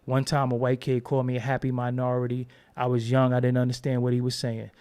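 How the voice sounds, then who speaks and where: A man's voice: mid-range voice, completely flat delivery, fast talker, darkish tone, clean tone. A man hosting his own channel, talking in a casual, profane, rambling monologue and acting out quoted voices as he tells stories. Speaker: host.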